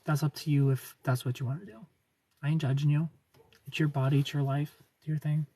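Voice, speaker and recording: Brisk and fairly even in intonation, a man with a high-leaning but dark-toned voice is heard far from the mic over slight background noise. A British livestream host in a fake American accent, he chats casually with his chat, reads their comments aloud, and laughs frequently.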